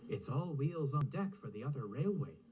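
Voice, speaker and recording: A man voicing a small, sensible male tank engine in a storybook reading, calm and reassuring, with music underneath. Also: medium pitch, moderate pace, a little hiss or hum, close to an everyday voice, poor audio.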